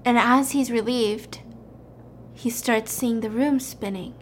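High-voiced woman animatedly retelling a film. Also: slow, a little hiss or hum. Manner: animated, chatty, checking in with listener. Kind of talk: casual retelling of a film plot.

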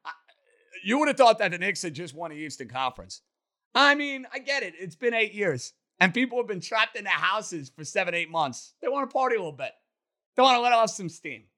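An energetic man hosts a casual sports talk show. His voice is bright and forceful and sits a little high. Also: a little fast. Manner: energetic, animated. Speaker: podcast host.

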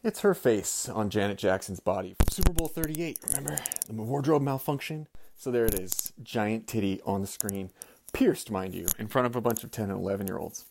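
A man's voice: on the low side, animated, fairly quick, gravelly, background noise. A man in his thirties, a former teacher, telling a story casually and animatedly, swearing and acting out the people he quotes.

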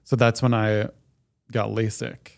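A woman's voice: extremely low pitch, little pitch movement, a little slow, vocal fry, darkish tone. A woman co-hosting a podcast, speaking casually and agreeably, often in short replies. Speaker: podcast co-host. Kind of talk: casual chat.

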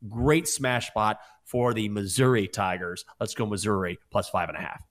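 A man's voice: fairly low pitch, normal speed, a bit bright. Man making confident betting picks. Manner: breaks down picks confidently, self-mocking dad jokes. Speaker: sports betting podcast co-host. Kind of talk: casual sports betting talk.

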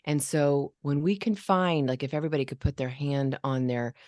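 A woman with a low, grounded voice chats about parenting and shows listeners how to speak calmly to children. The sound is dry and close, with no room around it. Her delivery is relaxed and conversational. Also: normal speed, no echo. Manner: demonstrates vocal registers and calm commands. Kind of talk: casual podcast conversation.

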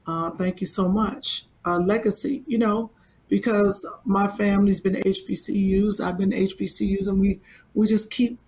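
A woman co-host chats in easy, relaxed banter, full of "uh" and "you know". Her voice sits at a medium pitch. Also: normal speed. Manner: relaxed, warm banter with many fillers. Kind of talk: casual chat.

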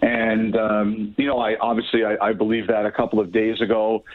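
A man calling in as a hockey insider guest, out of breath and talking in halting bursts with many restarts. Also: on the low side, flat delivery. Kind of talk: phone interview. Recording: tinny phone line.

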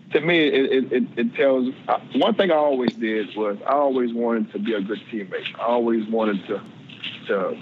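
A former pro football player in his forties appears as a guest on a casual podcast interview, often repeating words while he hunts for the right ones. His voice is medium-pitched, and the audio sounds narrow and tinny with slight background noise.

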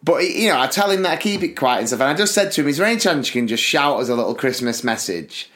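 A man co-hosting a podcast, telling stories in animated fashion and acting out quotes. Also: mid-range voice, quick pace. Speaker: podcast co-host. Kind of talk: casual chat.

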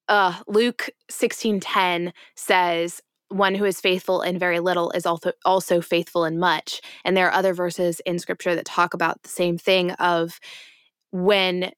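Earnest young woman, smooth low voice. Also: a bit bright, no room sound, clean studio sound. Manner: earnest, reflective, slows down on key points. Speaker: podcast co-host. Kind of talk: casual faith-based podcast chat and storytelling.

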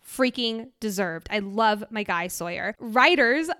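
A young woman co-hosting a podcast, chatting casually about a book with gushing excitement and frequent laughter. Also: medium pitch, a little slow, smooth. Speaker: podcast co-host. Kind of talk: casual book-discussion chat.

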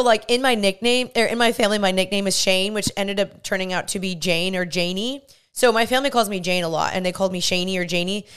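Young woman podcaster, smooth clear voice, bubbly, gushing, says "like" constantly. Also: mid-range voice, fast talker, fairly bright tone. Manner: bubbly, gushing, heavy use of "like". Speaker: podcast host. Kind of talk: casual storytelling monologue.

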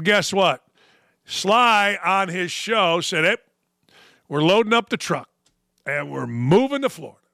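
A man's voice: high voice, no echo. A man hosting a sports talk show, delivering a brash, mocking monologue of opinionated commentary from a studio. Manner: brash, mocking, animated rants.

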